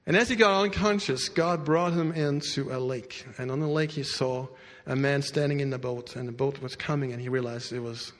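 A man preaching and retelling a story to his congregation, his voice sitting at an everyday middle pitch. He jumps from loud, lifted bursts down to low, hushed asides. The sound rings out with the long reverb of a big hall. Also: normal speed, hardly any pauses. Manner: animated storyteller, swings between loud bursts and quiet asides. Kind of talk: sermon storytelling.

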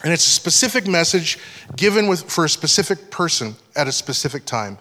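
A pastor giving a conversational sermon, often checking that the congregation is following. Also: male voice, a little high, very animated, brisk, pushed and bright. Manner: conversational teaching, frequent check-ins with listeners. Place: church hall. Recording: long hall reverb.

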